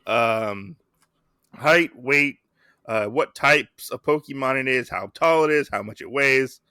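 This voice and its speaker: A young man talks through a comic in a relaxed podcast chat, bright and forceful in tone. He acts out the characters' lines with lots of animation. The sound is close and dry. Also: medium pitch, slow, clear, resonant tone, no echo. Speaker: podcast co-host. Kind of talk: casual chat recapping a comic.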